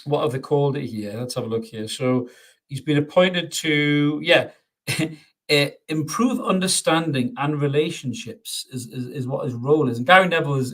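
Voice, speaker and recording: A man's voice: fairly high pitch, a bit bright. A man hosting a casual football podcast. He is chatty and sweary, laughs often and restarts his sentences a lot. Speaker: podcast host. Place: home studio, podcast.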